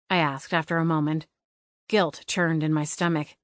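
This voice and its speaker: A woman narrating an audiobook in first person with an expressive, dialogue-driven reading. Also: deep voice, normal speed, no room sound, studio quality.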